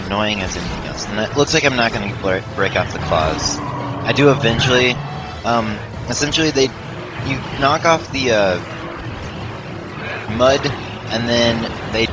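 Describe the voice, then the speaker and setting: A man's voice: medium pitch, rough recording. A man giving rambling, self-deprecating commentary while playing a video game, full of fillers and restarts. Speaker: let's play commentator. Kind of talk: casual gameplay commentary. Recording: game music playing under the voice.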